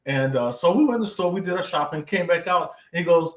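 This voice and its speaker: A man's voice: fairly high pitch, fast, few pauses, reverberant. A man co-hosting a casual live-stream chat, telling prank stories and laughing often. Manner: joking storyteller who laughs often. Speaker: co-host.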